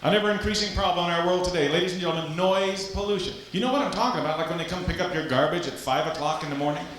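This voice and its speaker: A man from Louisiana doing live stand-up comedy on a club stage, with a punchy, animated delivery and vocal sound effects. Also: on the high side, rapid-fire, background noise. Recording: echoey live club recording. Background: audience laughter.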